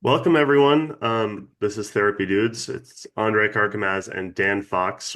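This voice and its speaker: A man opens a relaxed podcast conversation in a somewhat low voice. His words come slightly blurred by a dental retainer, and he leans on ums and easy pauses as he talks. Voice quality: slight retainer-affected speech. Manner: relaxed, filler-heavy, easygoing. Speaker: podcast co-host. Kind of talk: casual podcast chat.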